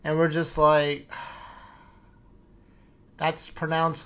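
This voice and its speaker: A middle-pitched voice telling a tabletop game session from the tavern owner's side. The talk is profane and exasperated, full of swearing, and it jumps into quick quoted bits of the other players. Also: flat delivery, a bit bright. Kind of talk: profane comedic session recap.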